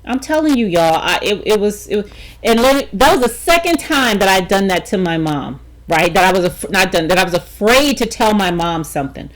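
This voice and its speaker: A middle-aged woman telling a personal story to camera with a lively, swooping voice. She talks emphatically, stops to check in with her viewers, restarts sentences, and leans hard into the key moments. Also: mid-range voice, moderate pace, low-quality recording. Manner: emphatic, animated storytelling with frequent restarts and "okay?" check-ins. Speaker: vlogger.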